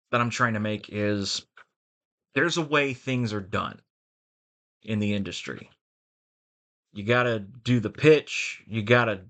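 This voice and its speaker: A man's voice: mid-range voice, bright, forceful tone. A man talking frankly in a rambling vlog about his voice acting work. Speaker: voice actor and vlogger.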